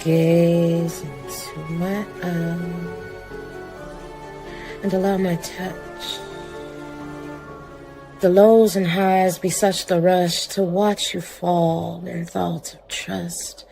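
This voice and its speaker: A woman's voice: on the low side, little pitch movement, drawn-out words, gravelly, pauses often. A woman performing a theatrical spoken-word poem in character, sultry and menacing. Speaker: guest poet. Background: loud music.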